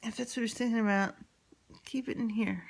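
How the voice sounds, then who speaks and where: A woman's voice: a little high, fairly even intonation, a little fast. A woman in her forties from New York telling a personal story in a frank, rambling way with lots of fillers and swearing.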